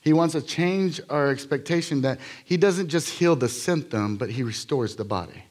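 A man preaching a live sermon in a church, telling healing stories in an energetic, jokey, rambling way full of fillers and restarts. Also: a little high, moderate pace. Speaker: guest preacher. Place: church sanctuary.

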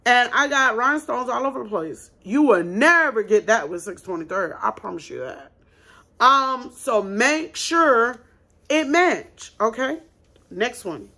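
Woman, small business owner and vlog host; blunt, emphatic advice, bright higher voice. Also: expressive, unhurried. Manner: emphatic, blunt, talks straight to viewers as "you guys". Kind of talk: casual advice chat.

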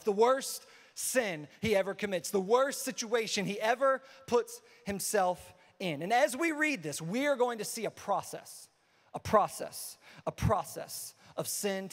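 A man preaching a sermon as pastor, energetic and casual, repeating phrases for emphasis. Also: high-pitched, big-room sound.

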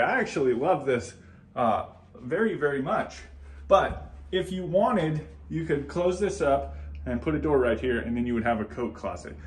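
Touring a model house on camera, an American host with a medium-pitched, darkish voice raves about each feature. His walkthrough is chatty, upbeat, and full of enthusiasm.

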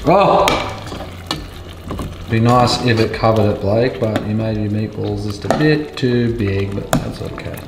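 A young man cooking in his home kitchen, talking in a casual, excitable, sweary way. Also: fairly low pitch, measured pace, noisy background. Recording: echoey kitchen with music behind.

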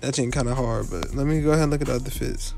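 A man's voice: mid-range voice, fairly even intonation, rapid-fire, gravelly, a little mellow, faint music behind. A young man giving casual, joking reaction commentary as a YouTuber, talking bluntly in slang and dropping tags like "you feel me" all through. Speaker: YouTuber rating viewers' avatars.

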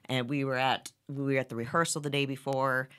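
A woman's voice: extremely low pitch, brisk, clear, resonant tone. A middle-aged woman, a band member's mother, telling stories in a casual interview and acting out the quotes. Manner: animated, acts out quotes.

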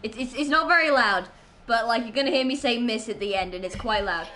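While gaming, a woman livestreamer rambles casually with her viewers, giggling and poking fun at herself. Her voice is a little high, brisk, and sharp-toned, with slight background noise on a low-quality recording.

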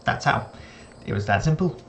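A man's voice: mid-range voice, lively intonation, normal speed, creaky, a bit bright, a little hiss or hum. A man hosting a casual game commentary, chatty and playful, talking to the characters on screen. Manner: playful and chatty, talks to game characters, slips into silly voices. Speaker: gaming channel host. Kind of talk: casual let's-play commentary.

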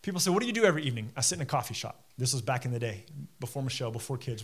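A pastor in his thirties giving a sermon, telling personal stories in a conversational way and dropping to a quiet low voice. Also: big pitch swings, racing, breathy edge. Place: church auditorium.

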